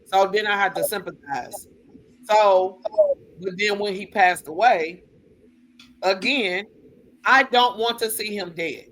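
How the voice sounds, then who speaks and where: A woman co-hosting a casual talk show, telling personal stories in a blunt, profane, lively way and acting out other people's voices. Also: medium pitch, slow, pauses often. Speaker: co-host. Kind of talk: casual chat, personal storytelling.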